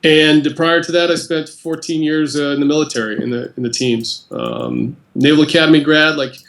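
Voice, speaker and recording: A man being interviewed on a podcast, speaking in a relaxed, conversational way with fillers. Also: fairly high pitch, normal speed, echoey room. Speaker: interview guest, company president. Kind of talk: casual interview chat.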